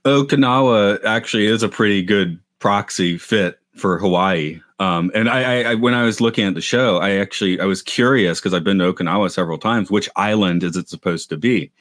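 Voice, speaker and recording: A man co-hosting a podcast, chatting casually in a halting, rambling way with many restarts. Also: sits low, a bit bright, no room sound, studio quality. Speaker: podcast co-host. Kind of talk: casual chat. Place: lives in Japan.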